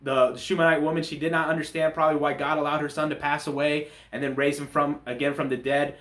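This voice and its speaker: A man giving a relaxed, conversational talk on a Bible chapter, often restarting his sentences as he explains the story. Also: a little high, quick pace, reverberant. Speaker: church Bible study teacher. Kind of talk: casual Bible chapter commentary.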